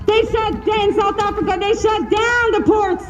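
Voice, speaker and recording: A woman emceeing an outdoor protest rally, introducing speakers in a brisk, rousing way. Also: very high voice. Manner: brisk, rousing, announcing to a crowd. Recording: echoey open-air PA with crowd noise.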